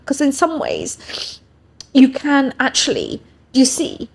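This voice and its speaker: Slow and high-pitched, an English woman's voice swoops wildly in pitch, with vocal fry and a breathy edge. As an interview guest on a podcast, she earnestly shares a personal story and keeps asking "yeah?" to check in.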